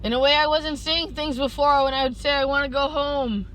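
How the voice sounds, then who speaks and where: A woman speaks to her viewers in a loose, stream-of-consciousness vlog monologue. Her voice sits high and sounds bright. She talks earnestly and often slips into pleading. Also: steady tone, brisk, slight background noise, low-quality recording. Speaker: vlogger. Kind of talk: rambling spiritual vlog monologue.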